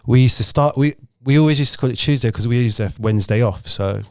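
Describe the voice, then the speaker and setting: A man's voice: mid-range voice, fast talker, dry recording, studio quality. A man, a former footballer telling anecdotes as a podcast guest. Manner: storytelling, acts out voices in his anecdotes.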